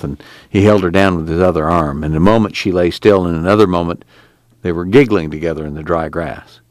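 Deep-voiced man narrating an audiobook. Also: dry recording. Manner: expressive storytelling.

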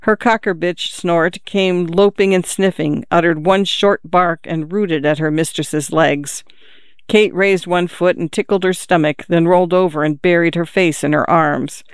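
A narrator reads a novel aloud at a measured, calm pace. The voice is smooth and resonant, sitting at a middle pitch. The recording is dry and close, with no room sound. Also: no room sound. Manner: measured, calm storytelling with lifted character voices. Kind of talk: audiobook reading of a novel.

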